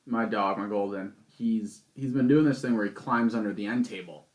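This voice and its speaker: A young man co-hosting a podcast, loud and excitable in casual chat, often laughing. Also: fairly low pitch, moderate pace. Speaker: podcast co-host.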